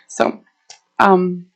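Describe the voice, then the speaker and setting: A woman herbalist giving a casual, chatty talk to a live audience, telling stories and laughing often as she walks around the room. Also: poor audio. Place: indoor meeting room, walking around while speaking.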